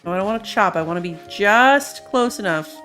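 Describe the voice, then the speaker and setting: A woman's voice: medium pitch, lively intonation, brisk, a bit bright, soft background music. A woman giving casual commentary on a game she is playing, chatty and playful as she thinks aloud. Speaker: gamer.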